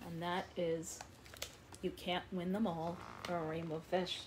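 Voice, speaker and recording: A woman librarian hosting a children's story time, reading a picture book aloud with expressive, kid-friendly delivery. Her voice sits a bit low for a woman, with faint background noise. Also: measured pace. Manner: warm, expressive read-aloud for kids.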